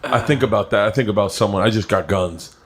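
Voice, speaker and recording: A man's voice: on the low side, fast talker, a little hiss or hum. A man comedian telling stories in casual chat, swearing and laughing often.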